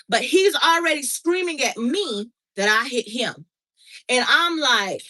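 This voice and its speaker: A middle-aged woman tells a story in a casual chat, her voice bright and a little high. She is animated, acts out the dialogue and keeps checking in with her listener. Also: measured pace, rough recording. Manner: animated, reenacts dialogue, frequent "okay?" check-ins. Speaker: podcast host.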